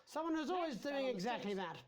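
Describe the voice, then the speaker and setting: A dry, unimpressed news anchor presses a reporter with pointed questions. The voice sits high and lively, with a crowd sound mixed in behind it. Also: female voice, fast talker.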